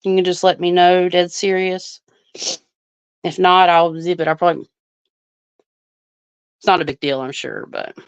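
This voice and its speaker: Chatty woman with a smooth, dry voice. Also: lowish voice, level tone, moderate pace, pauses often, no echo, highs cut off. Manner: chatty, thinks aloud while reading viewer comments. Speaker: astrologer livestream host. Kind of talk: casual livestream chat with viewers.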